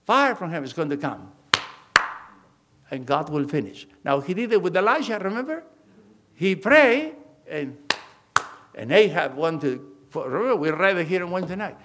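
A pastor preaching a sermon, acting out conversations with emphatic storytelling and phrasing. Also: male voice, a little high, sing-song, moderate pace, pauses often, noisy background.

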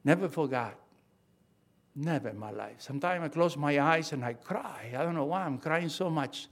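An older man, a pastor, preaching a sermon with fervent emphasis, halting starts and repeated phrases. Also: on the high side, animated.

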